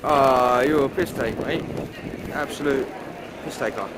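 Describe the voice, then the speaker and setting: A man's voice: mid-range voice, measured pace. A man, a livestreamer teasing and questioning people in a street. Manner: mocking, teasing banter. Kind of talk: confrontational street interviewing. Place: outdoors on a city street. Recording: loud traffic noise outdoors.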